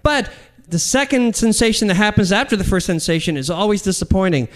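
Middle-aged comedian guy rambling through stories, smooth clear voice, kinda high. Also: a little fast. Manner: animated, self-deprecating, rambling. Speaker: guest comedian. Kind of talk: interview storytelling.

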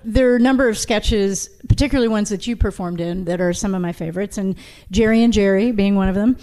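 Woman interviewer gushing a bit, stumbling over questions, mellow tone. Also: medium pitch. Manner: enthusiastic, halting.

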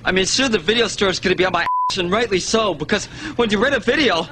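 High-voiced, aggrieved sketch character; lively pitch, noisy TV clip. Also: male voice, fast. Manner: aggrieved, fussy. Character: put-upon man owed a rented video. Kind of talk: TV sketch comedy acting.

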